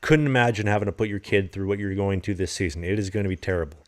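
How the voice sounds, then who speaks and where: A man co-hosting a podcast, chatting casually and telling animated stories with plenty of swearing. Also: lowish voice, very fast. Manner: animated storyteller, swears freely. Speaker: podcast co-host.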